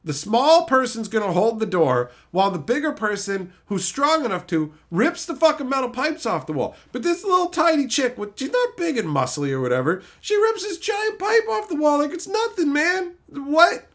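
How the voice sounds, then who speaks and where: A man's voice: very high-pitched, sing-song, moderate pace, few pauses, fairly bright tone. A man streaming and chatting casually, ranting about a show with frequent swearing and mocking put-on voices. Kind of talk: casual chat.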